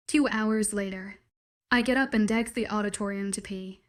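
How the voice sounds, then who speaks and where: A woman narrating a first-person story in a steady, even reading voice. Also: mid-range voice.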